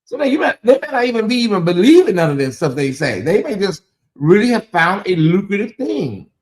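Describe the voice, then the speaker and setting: A man with a Southern US accent hosts a casual livestream, speaking directly to his viewers as he reads out their chat messages and answers them. His voice sits high, very animated, and he talks a little fast.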